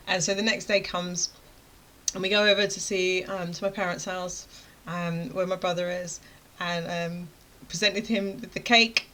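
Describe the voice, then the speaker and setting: A woman's voice: mid-range voice, steady tone, a little fast, bright, forceful tone, a little hiss or hum. A woman in her thirties, a course creator, telling a chatty story to camera and acting out her own reactions. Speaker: web design course creator.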